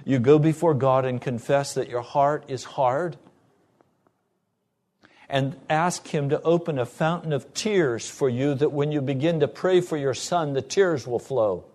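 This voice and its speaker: A man's voice: mid-range voice, unhurried, a little mellow. A man preaching as a pastor, earnestly retelling conversations and rising to fervent emphasis. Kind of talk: sermon.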